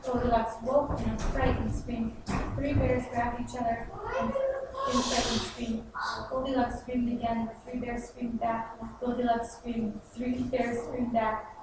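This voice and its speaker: A woman reading a storybook aloud to children in an expressive, sing-song way. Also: on the high side, measured pace. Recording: echoey, far-off noisy room.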